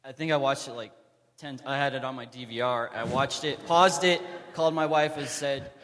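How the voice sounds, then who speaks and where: A man in the audience speaks softly and fondly. His voice sits at a mid pitch, and the live theater adds a long reverb. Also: moderate pace. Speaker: audience member.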